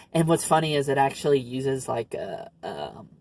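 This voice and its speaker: A man's voice: medium pitch, sing-song, a little slow, a little mellow. Blunt sarcastic guy, mid voice. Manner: blunt, sarcastic, hesitant with fillers. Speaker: co-host. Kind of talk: casual movie review chat.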